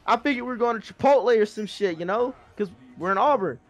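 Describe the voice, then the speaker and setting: Very high-voiced young man, profane. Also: moderate pace, vocal fry. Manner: profane, rambling, with bursts of loud excitement. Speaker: streamer telling a story. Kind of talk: casual storytelling while gaming.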